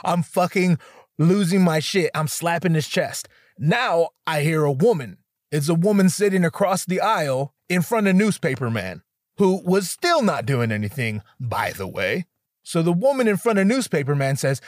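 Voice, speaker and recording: Brief: young male comedian, high-leaning voice, dry close sound, profane and animated storytelling. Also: normal speed, dry recording. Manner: animated, profane, acts out quotes in shifting voices. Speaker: stand-up comedian. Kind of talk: stand-up storytelling.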